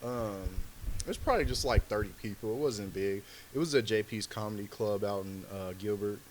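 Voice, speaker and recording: A man's voice: fairly low pitch, brisk, a little hiss or hum. A man, a comedian guest on a podcast, telling a story in loose, slangy talk full of filler words. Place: podcast studio.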